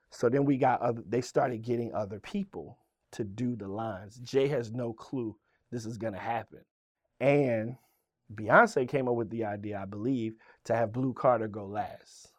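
A man's voice: medium pitch, dry recording. Man, rapper, casual interview storytelling, acts out quoted voices, swears, dry close sound. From Virginia, USA. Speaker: guest, rapper.

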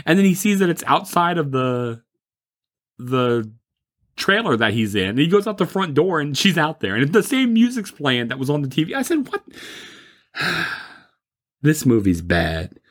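A man's voice: fairly high pitch, very animated, moderate pace, fairly bright tone. A man chatting casually about movies, rambling and mocking, laughing often.

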